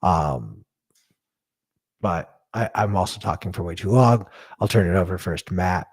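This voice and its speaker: A man with a low voice hosts a casual sports chat. He talks bluntly and swears, ranting and laughing at his own jokes. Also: a little slow, a little mellow, slightly rough. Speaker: podcast co-host.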